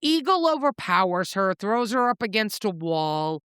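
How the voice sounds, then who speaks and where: A woman co-hosting a book podcast, recapping the plot in a casual, animated way, swearing and acting out the characters' lines. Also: unhurried, clean tone, dry recording, clean studio sound. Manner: animated storyteller, swears freely, acts out quotes with pitch jumps. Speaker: podcast co-host.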